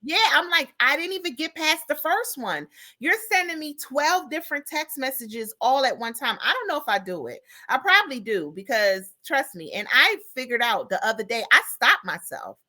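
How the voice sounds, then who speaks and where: A woman's voice: high-pitched, moderate pace, hardly any pauses. A middle-aged woman co-hosting a podcast in casual chat, telling stories and acting out the people she talks about. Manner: animated storytelling, acts out callers. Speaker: podcast co-host.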